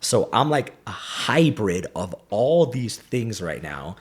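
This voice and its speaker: Low husky-voiced man, animated. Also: slow, few pauses. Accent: slight Greek. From Greece. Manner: animated storyteller, mimics slang and voices. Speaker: podcast guest. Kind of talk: casual chat.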